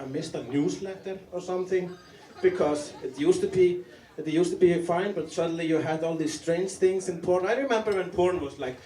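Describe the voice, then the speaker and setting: A man with an Icelandic accent doing a stand-up set, with a deadpan, halting delivery full of restarts. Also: fairly high pitch. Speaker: stand-up comedian. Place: comedy club stage. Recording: roomy live club sound from a distance, loud audience. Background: audience laughter.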